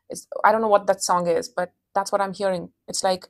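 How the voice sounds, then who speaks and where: A woman's voice: mid-range voice, little pitch movement, fairly quick. Intense, emphatic woman tarot reader. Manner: intense and emphatic, repeats phrases; calls listener honey. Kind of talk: casual spoken tarot reading.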